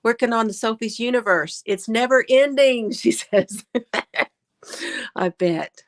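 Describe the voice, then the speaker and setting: Hosting a laid-back crochet stream, this woman speaks in a slow, easy drawl with a voice on the high side. She laughs a lot, chats freely, and welcomes every viewer by name, all captured on a phone mic.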